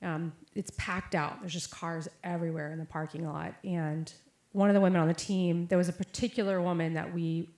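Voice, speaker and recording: A woman's voice: lowish voice, steady tone, a little fast, hardly any pauses, darkish tone. A young adult woman preaching a sermon, telling a personal story in a casual way with lots of fillers and quoted voices. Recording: echoey room.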